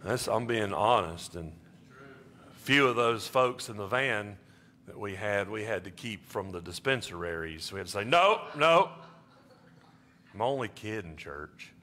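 Pastor giving an animated sermon, bright, forceful male voice. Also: normal speed. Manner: animated, jumps high in pitch for emphasis.

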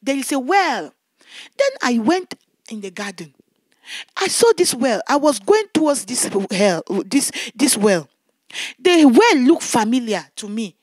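A woman evangelist telling a testimony in fervent preaching, shouting her prayers and recounting events vividly. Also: on the high side, sing-song, measured pace, no echo, clean studio sound.

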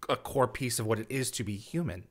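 A man hosting an interview, reading out viewer questions and speaking earnestly and supportively, with some halting. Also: medium pitch, animated, fairly bright tone. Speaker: podcast host. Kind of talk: casual video interview.

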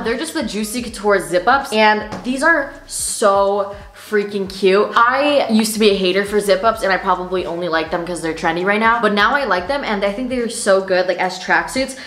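A woman's voice: medium pitch, a bit bright. Young female vlogger, bubbly and slangy, recorded in an echoey room at home. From Canada. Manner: bubbly, slangy, lots of "like" and "literally". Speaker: fashion vlogger. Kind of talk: sponsored try-on haul chat. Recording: echoey room, faint noise.

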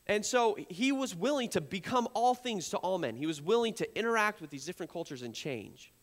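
Animated preacher in a reverberant church hall. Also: male voice, high-pitched, brisk. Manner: animated preaching, acts out accusers in a raised voice. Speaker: pastor. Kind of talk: sermon. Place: church sanctuary.

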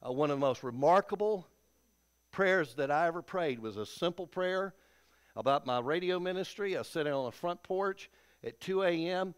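A man's voice: on the high side, animated, normal speed, smooth. A Texan man preaching a sermon in a church, folksy and storytelling, with a homespun ease. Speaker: pastor. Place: church sanctuary.

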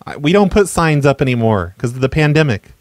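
A man hosting a comedy show, making prank phone calls in a stammering, mock-apologetic, deadpan way. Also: fairly high pitch, fairly quick, no room sound. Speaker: prank caller and show host.

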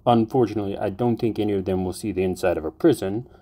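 A man doing a measured, cool-headed young man. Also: lowish voice, mellow, lightly acted. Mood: earnest. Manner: measured and earnest, turning cold and mocking. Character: calm, capable young man, later mocking captor.

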